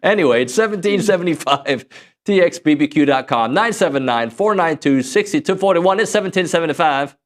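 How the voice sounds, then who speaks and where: A man's voice: on the high side, lively intonation, brisk. A man hosting a sports talk radio show, joking around and doing live ad reads in a loose, rambling way.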